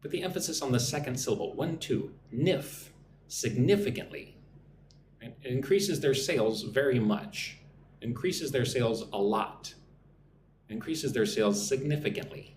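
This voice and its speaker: An American man teaching business English on a live stream, speaking slowly and clearly and often checking in with "right?". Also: mid-range voice, echoey room, a little hiss or hum. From United States.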